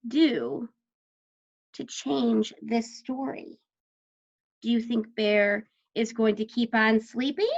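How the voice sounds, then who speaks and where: A woman's voice: fairly high pitch, creaky, lo-fi sound. A woman teacher guiding children through a story with patient questions.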